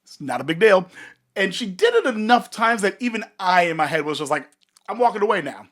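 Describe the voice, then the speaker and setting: A man's voice: high voice, a little fast. A young man co-hosting a podcast, telling a bar story in casual chat, acting out quotes and swearing freely. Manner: animated, swearing storyteller who acts out quotes. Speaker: podcast co-host.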